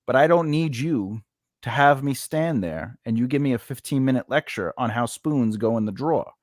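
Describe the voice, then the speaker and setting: A man's voice: medium pitch, moderate pace, dry recording, studio quality. A man, a comedian and actor, chatting casually and acting out both sides of household arguments. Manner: animated storyteller, acts out both sides of arguments. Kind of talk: casual chat.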